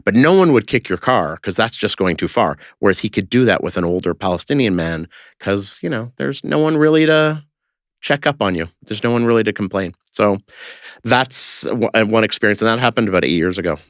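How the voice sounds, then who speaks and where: A man's voice: fairly low pitch, lively intonation, brisk, dry recording, studio quality. A man talking casually as a podcast guest, telling stories in a rambling way with lots of fillers and restarts. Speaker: interview guest, creator of a street-question video project.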